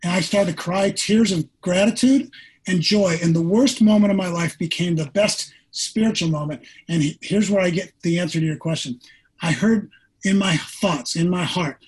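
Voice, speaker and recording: A man's voice: sits high, moderate pace, husky. A middle-aged man, a former pro football player, telling an earnest personal story in an interview.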